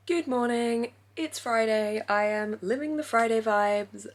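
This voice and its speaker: Chatty woman with vocal fry. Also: fairly high pitch, measured pace. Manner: chatty and rambling, laughs often. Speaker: book vlogger. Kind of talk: casual vlog chat.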